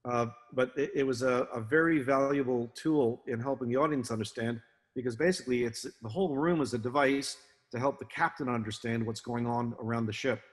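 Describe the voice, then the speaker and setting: A man's voice: medium pitch, brisk. Older man giving a rambling anecdotal talk. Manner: relaxed, anecdotal, many fillers and restarts. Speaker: guest speaker, film naval advisor. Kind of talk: illustrated talk to an audience. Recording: long hall reverb.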